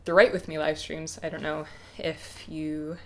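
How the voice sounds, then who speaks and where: A young woman in her twenties talking to camera off the cuff, hesitant and reflective, with many pauses and restarts. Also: low-pitched, little pitch movement. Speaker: YouTuber. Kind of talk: casual unscripted talk to camera.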